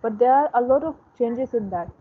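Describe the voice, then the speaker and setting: Indian-accented woman, Hindi native, slightly husky, earnest, on a tinny video-call line. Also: fairly high pitch, a little fast. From Uttar Pradesh, India. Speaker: English learner in group discussion. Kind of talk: casual discussion. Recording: tinny phone-like call audio.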